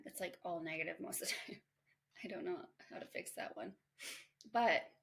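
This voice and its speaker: A woman, a mother, hosts her own podcast in a casual self-help monologue. Her mid-pitched voice has a gravelly edge, and she talks candidly and reflectively in a relaxed conversational way. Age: adult mother. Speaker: podcast host.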